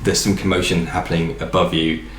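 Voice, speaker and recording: A man narrating a tabletop game as dungeon master, in a relaxed, rambling way with fillers. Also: sits low, brisk, echoey room, slight background noise.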